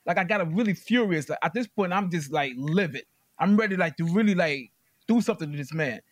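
A man giving courtroom testimony as plaintiff, telling his story in an animated way and acting out what others said. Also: fairly high pitch, a little fast, no echo.

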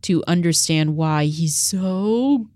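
A woman co-hosting a casual podcast in a lowish, dry, close-miked voice. She is chatty and laughs easily, often restarting her phrases. Nothing of the room comes through. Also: slow, mellow, clear, resonant tone, no echo. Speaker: podcast co-host. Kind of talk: casual chat.

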